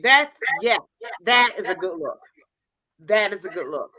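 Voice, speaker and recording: A woman hosting a live stream, chatting casually in an excitable, gushing way. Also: mid-range voice, a little slow.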